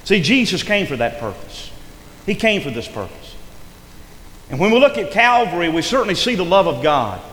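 Here a man gives a sermon in a high-pitched, very animated, slightly bright voice at a normal pace. The rise and fall of his preaching cadence carries frequent emphasis on words, heard in an echoey hall with long reverb and faint noise.

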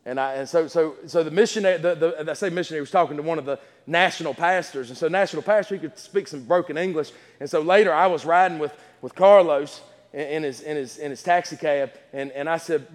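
A man's voice: fairly high pitch, fast talker. A man preaching a sermon in a church, telling folksy stories with lots of stammered restarts. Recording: reverberant church hall.

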